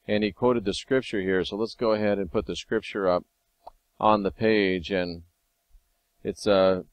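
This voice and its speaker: Guy talking to camera, low voice, dry close sound, wry chatty monologue. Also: measured pace, dry recording. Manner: conversational, wry, sometimes excited. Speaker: video host. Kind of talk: casual monologue reading scripture.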